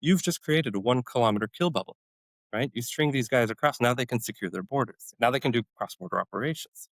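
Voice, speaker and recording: Middle-aged guy telling army stories on a podcast, fast and animated, dry close sound. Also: mid-range voice, dry recording, low-quality recording. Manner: animated storyteller, acts out quoted dialogue. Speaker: podcast guest, former special forces medic. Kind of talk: storytelling in a casual interview.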